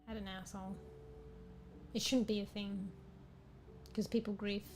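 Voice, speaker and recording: A woman's voice: medium pitch, flat delivery, measured pace, darkish tone. A tired woman streamer chatting with her viewers in a rambling, playful way, often correcting herself. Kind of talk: casual chat with viewers. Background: game music.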